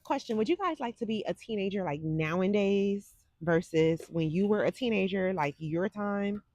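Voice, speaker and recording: With lively intonation and a darkish tone, a medium-pitched woman in her forties chats at normal speed on a psychic livestream. She's sassy and talks right to her viewers in a casual style, using a desk microphone with no room sound.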